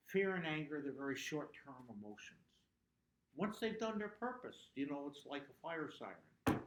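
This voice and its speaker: A man of middle pitch giving a motivational talk to a club, earnest and personal, now and then rising into sudden emphatic bursts. His voice rings in an echoey meeting room. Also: lively intonation, moderate pace, fairly bright tone. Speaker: guest speaker.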